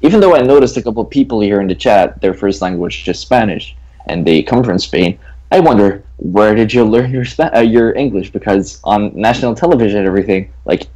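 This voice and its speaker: Man with a low voice. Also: brisk, muffled recording. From Belgium. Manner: lively, laughs often. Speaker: co-host of a livestream. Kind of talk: casual chat.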